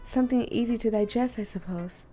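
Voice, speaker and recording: A woman reading out game lines as a shy, polite, bookish teenage girl, in a soft, formal, hesitant manner. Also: a little high, a little fast, soft background music, close to an everyday voice. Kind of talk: reading game dialogue aloud.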